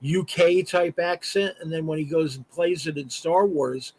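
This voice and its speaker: Husky-voiced man chatting as a guest. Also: fairly high pitch, measured pace, a little mellow, low-quality recording. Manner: chatty, many "uh" fillers and restarts. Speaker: guest artist and voice actor. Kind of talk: casual interview chat. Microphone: remote live stream call.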